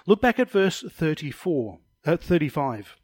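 A man's voice: fairly high pitch, slightly rough, no room sound. A man teaching a Bible study lesson, explaining passages step by step and referring to slides, sometimes stumbling over a word.

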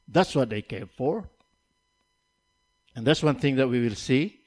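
A man delivering a sermon in a mid-range voice. He teaches in a measured way, repeating key lines for emphasis, and builds to a raised, emphatic preaching tone. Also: medium pitch, expressive, darkish tone, husky.

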